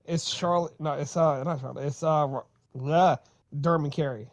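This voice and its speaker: A woman's voice: sits low, moderate pace, a little mellow, dry recording. A woman co-hosting a casual podcast, laughing easily and stumbling over her words. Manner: laughs easily, stammers and restarts. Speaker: podcast co-host. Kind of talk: casual chat.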